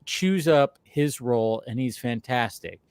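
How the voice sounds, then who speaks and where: A man's voice: medium pitch, measured pace, a little mellow, clear, resonant tone, no room sound, clean studio sound. A man hosting a casual film discussion stream, rambling and swearing often as he talks through his opinions. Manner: rambling, profane, repeats himself. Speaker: host.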